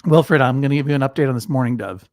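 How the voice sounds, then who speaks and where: A man's voice: medium pitch, racing, darkish tone, no echo, studio quality. A man hosting a casual online talk show, playful and rambling, with absurd asides. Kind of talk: casual video chat.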